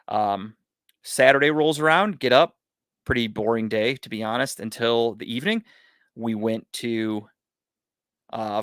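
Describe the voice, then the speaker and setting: A podcast co-host with a medium-pitched, clean-toned voice spins a lengthy, profanity-laced tale on a casual show, animatedly voicing each person involved. The recording is dry and studio quality.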